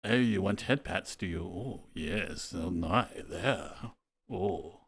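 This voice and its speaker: A man putting on a suave, purring low-voiced charmer. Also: slightly rough, exaggerated voice. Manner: slow, drawn-out, purring delivery.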